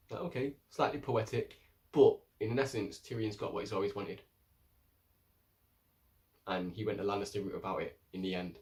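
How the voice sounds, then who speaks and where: A man's voice: fairly low pitch, fairly even intonation, normal speed, pauses often, a little mellow. A man recapping a TV episode in a blunt, slangy, casual way, swearing freely. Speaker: TV episode reviewer. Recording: voice distant from the mic.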